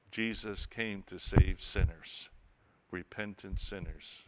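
A man's voice: medium pitch, a bit bright, clear, resonant tone, big-room sound. A man preaching a sermon, earnestly reading and explaining scripture with rising emphasis.

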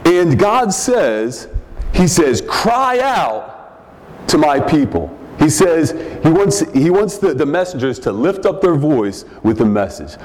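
A man preaching a sermon as pastor, teaching in a measured way and often repeating words as he goes. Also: a little high, very animated, a little mellow. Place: church sanctuary. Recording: long reverb of a large hall.

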